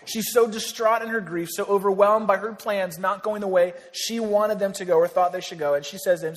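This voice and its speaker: A man preaching a sermon in a big church hall, his fairly high voice ringing out with a long reverb. He keeps it casual and joking with the congregation, then sinks to a near hush on the lines that matter most. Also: steady tone, a little fast, hardly any pauses. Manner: conversational preaching with jokes, dropping to a hushed voice on key lines. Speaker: pastor.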